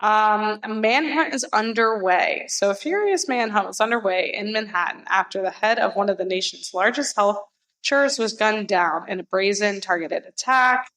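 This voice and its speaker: A woman's voice: mid-range voice, moderate pace, a bit bright. Blunt, opinionated woman on a podcast. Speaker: podcast co-host. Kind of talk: casual chat.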